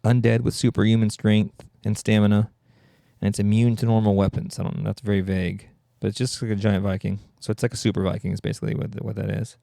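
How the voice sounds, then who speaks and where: A gravelly, low-pitched man hosts a podcast in a loose, profane comedic monologue. He riffs and keeps cutting himself off mid-thought. His tone is dark and mellow, recorded dry and close. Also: dry recording. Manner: riffing, self-interrupting, profane. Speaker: podcast host.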